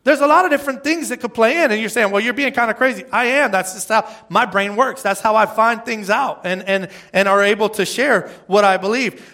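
Middle-aged guy preaching in church, casual and joking at himself, bright tone. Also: sits high, fairly quick, hardly any pauses. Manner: conversational, self-deprecating, asks the crowd "right?". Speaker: pastor. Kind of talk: sermon. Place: church service before a congregation.

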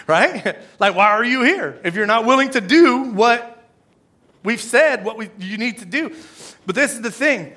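Bright-voiced man preaching casually. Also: high voice, lively intonation, normal speed, vocal fry. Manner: conversational preaching, shifts between loud and hushed. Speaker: pastor. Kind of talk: sermon.

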